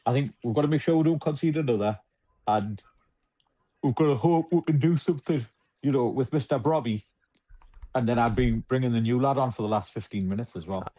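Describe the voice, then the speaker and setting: A man's voice: medium pitch, a little fast, mellow. A man making brief remarks in a casual football chat.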